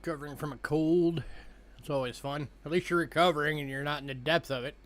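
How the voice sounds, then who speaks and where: A man's voice: a little high, fast. A man hosting a coin sale livestream, talking casually to viewers while waiting for people to join. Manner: relaxed, chatty, yawning between remarks.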